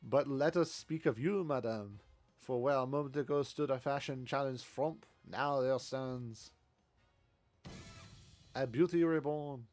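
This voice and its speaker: A man's voice: medium pitch, unhurried, a little mellow, soft background music, lightly acted. A man voicing a flamboyant, pompous male French hairdresser with a put-on French accent and florid, grandiose phrasing.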